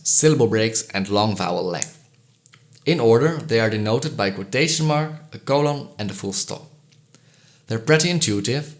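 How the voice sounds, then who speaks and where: A man giving a scripted educational voice-over, explaining pronunciation clearly and slowly sounding out example vowels. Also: mid-range voice. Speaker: language educator.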